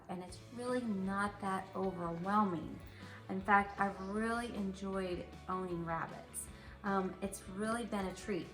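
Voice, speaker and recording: A middle-aged woman and mother telling a lively story in a casual vlog, repeating herself for effect. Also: medium pitch, reverberant, poor audio. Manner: animated, repetitive storytelling. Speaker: mother and animal vlogger.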